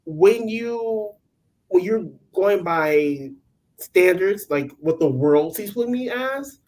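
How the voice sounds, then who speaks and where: A woman co-hosting a casual recap podcast, telling the story in a lively, animated way and acting out what the cast said. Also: medium pitch, slow pace, rough recording. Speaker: podcast co-host.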